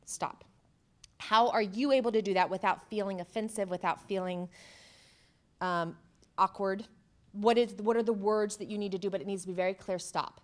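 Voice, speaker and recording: A woman with a mid-range voice gives a workshop talk as a psychotherapist. She speaks conversationally and puts questions to the audience. She animates her delivery by acting out the things people say. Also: normal speed. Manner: animated, acting out quoted remarks with jumps in pitch and loudness. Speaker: cancer psychotherapist.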